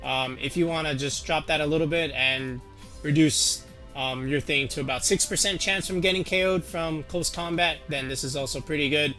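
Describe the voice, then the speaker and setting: Bright-voiced man explaining game strategy. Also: on the high side, moderate pace, faint music behind. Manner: rambling, many fillers and restarts. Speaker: competitive game YouTuber. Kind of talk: casual teambuilding tutorial.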